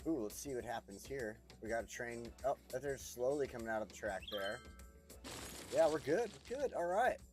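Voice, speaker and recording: An American man streams a city-building game, chatting casually, rambling, swearing freely and chuckling a lot. His mid-range voice is expressive and darkish, at a moderate pace, with faint music in the background.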